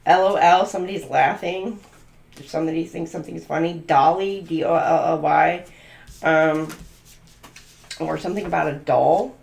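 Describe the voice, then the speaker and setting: A woman's voice: deep voice, moderate pace, gravelly, a little mellow, echoey room. A woman doing a channeled tarot reading, musing aloud and free-associating letters, numbers and words. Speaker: tarot reader.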